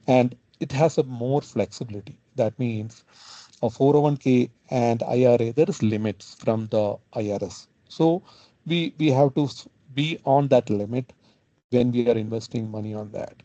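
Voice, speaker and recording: Halting male webinar presenter, dull audio. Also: mid-range voice, mellow, no echo. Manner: halting, adds "okay?" after points. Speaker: financial planning webinar presenter.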